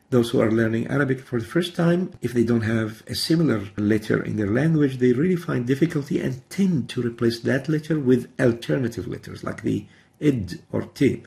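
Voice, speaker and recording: A man's voice: mid-range voice, gravelly, darkish tone. A middle-aged man teaching Quran recitation in a methodical lesson, repeating example words to demonstrate each sound. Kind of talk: instructional lesson.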